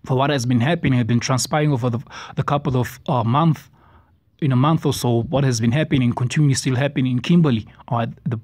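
A man's voice: mid-range voice, a little mellow, no echo. A man giving a preachy response-video commentary, stumbling over words as he reads passages aloud. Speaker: religious commentator. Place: South Africa.

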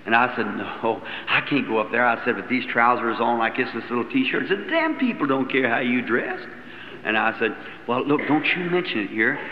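A man's voice: mid-range voice, a little fast. A man preaching a sermon, telling a story in a folksy, chuckling way and acting out the dialogue. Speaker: evangelist preacher. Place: church meeting hall. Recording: roomy hall, lo-fi old tape, faint hiss.

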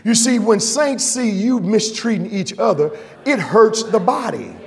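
A man preaching a fiery church sermon, shouting in drawn-out phrases and calling on the congregation for praise. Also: high-pitched, lively intonation, vocal fry. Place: church sanctuary. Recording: reverberant hall, faint congregation.

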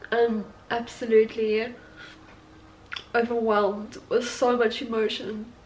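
Tearful young woman speaking slowly. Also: on the high side, little pitch movement, a little mellow, a little hiss or hum, rough recording. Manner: emotional, halting, laughing through tears. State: tearful after crying. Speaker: vlogger, tattoo studio owner. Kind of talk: emotional personal vlog. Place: at home.

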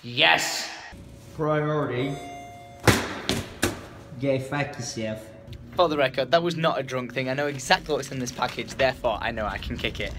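A young man from England vlogging casually, excitable and swearing a lot, with bursts of shouting. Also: medium pitch, normal speed, long pauses, loud music behind the voice. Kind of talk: casual vlog chat.

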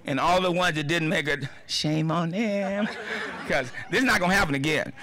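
A man's voice: fairly high pitch, normal speed, crowd noise. An older man giving a joking, heartfelt, rambling speech at a field dedication. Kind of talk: informal outdoor speech. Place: outdoor sports field.

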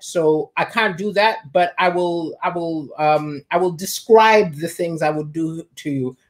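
A man hosting an online comedy show, delivering a stand-up monologue with restarts and self-deprecating punchlines. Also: high voice.

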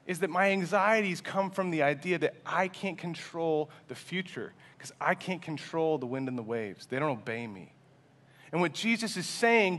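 A male pastor giving a sermon in a conversational style, sometimes dropping to a soft, quiet voice. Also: sits high. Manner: conversational preaching, acts out quoted voices, sometimes drops to a hush.

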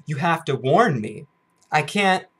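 A young man from the United States reacting to a music video on his vlog, gushing with loud bursts and hushed awe. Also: a little high, animated, measured pace, husky. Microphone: headphones on, camera mic.

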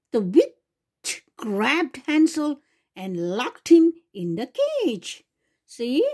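Slow sing-song woman storyteller. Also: high-pitched, a little mellow. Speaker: children's channel storyteller. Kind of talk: reading a fairy tale aloud to children.

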